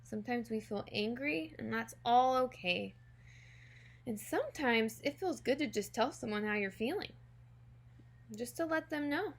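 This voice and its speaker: A woman teacher reading a children's picture book aloud, gently and expressively, talking directly to young listeners. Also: a little high, animated, measured pace. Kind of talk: children's storybook read-aloud.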